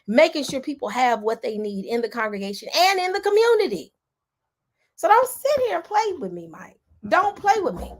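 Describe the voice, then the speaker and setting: Emphatic, fairly high-voiced woman vlogger. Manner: emphatic and repetitive, with frequent restarts; addresses the viewers directly. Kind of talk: casual commentary.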